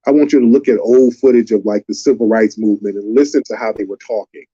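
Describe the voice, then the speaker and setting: A man's voice: fairly low pitch, steady tone, quick pace, dark tone, muffled recording. A man hosting a live stream, lecturing in an emphatic, repetitive way.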